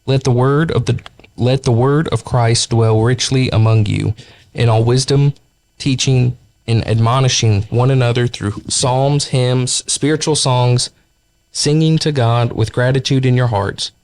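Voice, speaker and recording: A man with a mid-pitched voice reads scripture aloud. He takes it slowly and measures each phrase. It sounds like a podcast conversation. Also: fairly even intonation, a little mellow. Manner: slow, measured reading.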